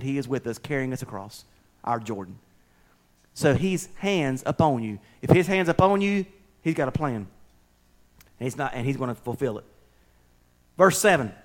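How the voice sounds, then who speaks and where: A man preaching a sermon, folksy and conversational, swinging between loud preaching and soft, near-whispered asides. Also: on the high side. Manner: folksy, conversational, with slips and restarts. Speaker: pastor.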